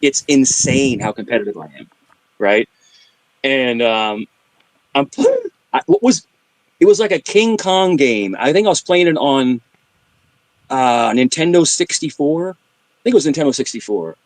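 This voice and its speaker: Middle-aged man, animated storyteller who does sound effects and shifts voices; dry close mic, mid pitch. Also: unhurried, pauses often, dry recording. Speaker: livestream guest. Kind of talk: casual chat, storytelling.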